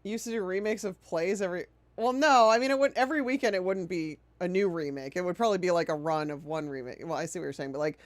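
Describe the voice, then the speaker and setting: A woman's voice: fairly low pitch, fast talker, hardly any pauses, no echo. A woman streamer chatting casually while playing a game, sarcastic and prone to swearing. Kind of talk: casual chat while gaming.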